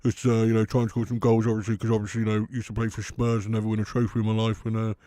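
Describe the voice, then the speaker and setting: A man doing a comic impression of a bland young male star footballer, monotone and stuffed with "you know" and "obviously". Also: fairly low pitch, very fast, no room sound, clean studio sound, pitched below the performer's own voice, natural voice. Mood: flat. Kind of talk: comic impression in a match watch-along.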